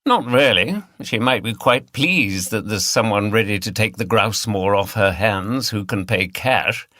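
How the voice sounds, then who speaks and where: A man's voice: fairly low pitch, a little slow, sharp tone, no echo, clean studio sound. Man playing a smug, insinuating schemer. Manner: sly, insinuating, self-satisfied. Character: smug, cold-eyed middle-aged businessman.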